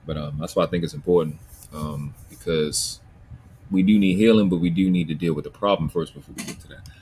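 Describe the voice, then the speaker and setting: Profane Baltimore man, very deep voice. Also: a little fast, a little hiss or hum. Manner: profane, blunt, animated ranting. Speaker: livestream host. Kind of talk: casual livestream chat reading comments.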